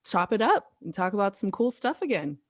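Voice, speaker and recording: A woman from Colorado, a returning guest who works as an esthetician, chatting in a relaxed way with frequent laughs and lots of fillers. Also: medium pitch, a little fast, dry recording, clean studio sound. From Colorado, USA. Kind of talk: casual podcast conversation.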